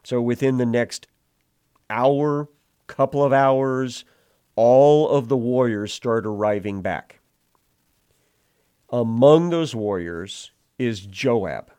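A man preaching an expository sermon, retelling the passage verse by verse in a measured, explanatory way. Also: medium pitch, mellow, clean tone, no echo.

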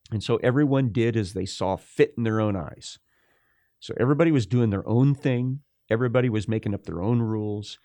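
A man preaching a verse-by-verse Bible sermon, explaining slowly and deliberately with frequent pauses and fillers. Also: fairly low pitch, darkish tone, no echo, clean studio sound.

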